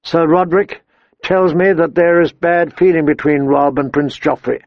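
Guy doing a weary stern lord in a storybook, solemn and quiet, gravelly, dull dry sound. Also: steady tone, moderate pace, no echo, natural voice. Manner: solemn and firm, low and restrained. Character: grave, weary nobleman and father.

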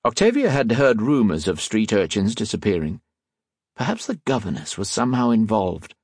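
A man narrating an audiobook in a measured, expressive storytelling manner. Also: fairly low pitch, husky, no room sound, clean studio sound.

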